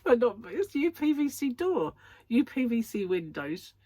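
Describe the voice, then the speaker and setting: Chatty rambling woman with a husky voice. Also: on the high side, big pitch swings, moderate pace, warm tone, no room sound. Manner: chatty, rambling, laughs often, acts out dialogue. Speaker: host of a crochet chat channel. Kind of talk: casual chat.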